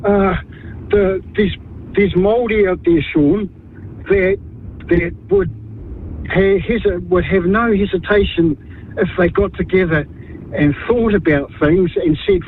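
A high-voiced New Zealand man in his fifties talks earnestly on a radio call-in, stumbling and restarting as he makes his case. The line is thin and phone-like, with faint noise behind. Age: 50s. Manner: earnest, halting, repeats words and restarts. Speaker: caller.

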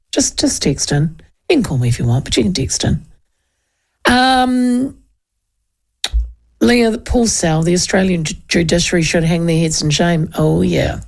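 A woman's voice: fairly low pitch, vocal fry, darkish tone. A woman, hosting a casual radio show and chatting in a rambling, self-interrupting way. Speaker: radio host.

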